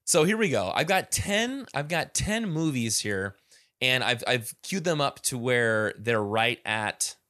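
A man's voice: mid-range voice, animated, measured pace, bright, forceful tone, no echo. Man co-host, eager rambling chat on a call, dry mic. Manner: enthusiastic, rambling with restarts. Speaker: podcast co-host.

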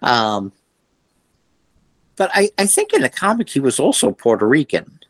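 A man co-hosting a podcast in casual chat, talking in halting, restarting sentences. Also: mid-range voice, huge pitch swings, a bit bright, no echo, low-quality recording. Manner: hesitant, restarts and trailing thoughts. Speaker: podcast co-host.

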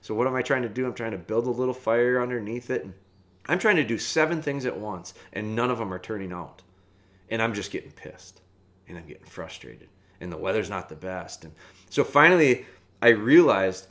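A man's voice: lowish voice, a bit bright. A man hosting a podcast, telling a rambling personal story in a casual way, often correcting himself and chuckling at his own mistakes.

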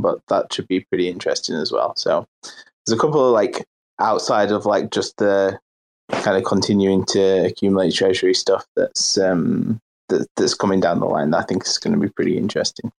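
A man's voice: low voice, gravelly, low-quality recording. A British man talking casually about his project, hesitant, with many fillers. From Britain. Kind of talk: casual chat.

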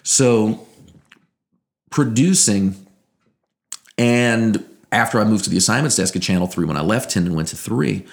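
A man with a low voice and a gravelly, fry-edged texture. He tells stories in a relaxed interview, acting out the lines of the people in them. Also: unhurried, pauses often. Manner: lively anecdotes, acting out quoted dialogue. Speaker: guest, former TV news producer now in radio. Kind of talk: casual interview storytelling.

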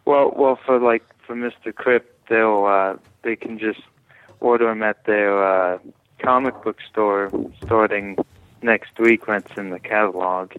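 Man, podcast guest, hesitant, lots of ums, lowish voice, phone-like tinny sound. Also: fairly even intonation, a little slow, smooth. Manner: hesitant, many fillers. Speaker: guest comic book creator. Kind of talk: interview answers.

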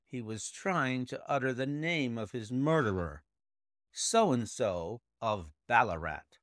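A man voicing a brilliant, precise male detective explaining his deductions in a measured way. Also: medium pitch, lively intonation, no room sound, clean studio sound.

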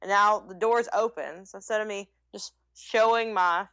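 A woman's voice: medium pitch, fairly even intonation, normal speed, bright, forceful tone, smooth, no echo. Chatty woman guest on a dull line. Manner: chatty, giggly. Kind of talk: casual storytelling.

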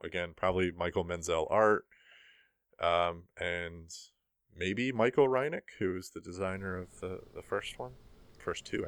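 A young man hosting a board game news podcast in casual chat, relaxed and rambling with lots of ums. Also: deep voice, clear, resonant tone, no room sound, studio quality.

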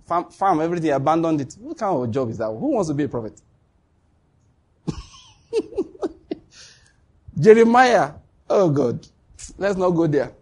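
A man preaching a sermon, telling stories with lively acted-out dialogue and frequent laughter. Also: on the high side, normal speed, pauses often, breathy edge. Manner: animated storytelling, laughs often, acts out dialogue.

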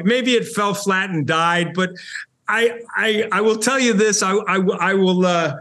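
A middle-aged man with a New Zealand accent, chatting animatedly as a guest on a podcast interview. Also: high voice. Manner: chatty and animated, with many restarts and laughs. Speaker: show host, podcast guest.

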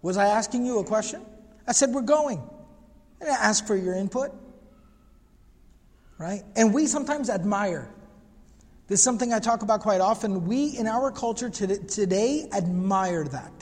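A man's voice: high-pitched, normal speed, darkish tone. A man teaching a religious lecture class, emphatic and repetitive, often asking rhetorical questions and reciting Arabic phrases. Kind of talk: lecture class on prophetic biography. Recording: long hall reverb.

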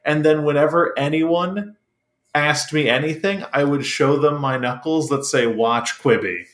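A man's voice: on the high side, measured pace, a bit bright. A man co-hosting a comedy podcast, riffing playfully on absurd ideas. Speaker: podcast co-host. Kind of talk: casual comedic banter. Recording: echoey room.

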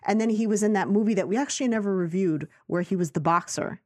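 Chatty animated woman from New York. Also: mid-range voice. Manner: chatty, animated, quick asides and quoted reactions. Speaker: film review podcast co-host. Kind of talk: casual chat.

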